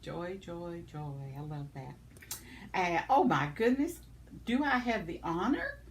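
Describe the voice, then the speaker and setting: Giggly older woman, slow lively chat. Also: fairly low pitch, a little hiss or hum. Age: 70s. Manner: chatty, giggly, rambling, trails off with fillers. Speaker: vlogger reading viewer comments. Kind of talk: casual chat.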